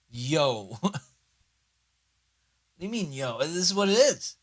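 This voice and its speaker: A man's voice: high-pitched, big pitch swings, normal speed, pauses often, fairly bright tone. A young man chatting casually on a livestream, rambling and swearing, sometimes talking himself through his computer setup. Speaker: streamer.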